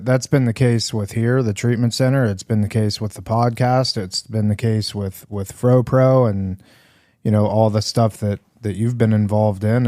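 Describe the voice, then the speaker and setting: A male podcast host with a somewhat low, mellow voice muses loosely and drops in fillers. The sound is dry and close. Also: no echo. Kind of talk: casual podcast chat.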